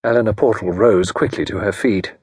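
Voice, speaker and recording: A man narrating an audiobook in a measured, expressive storytelling manner. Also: lowish voice, husky, no room sound, clean studio sound. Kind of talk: scripted narration.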